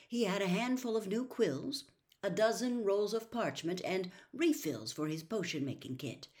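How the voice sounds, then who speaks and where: A woman reading a novel aloud as a storyteller in an expressive, lively way. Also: fairly low pitch. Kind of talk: audiobook reading.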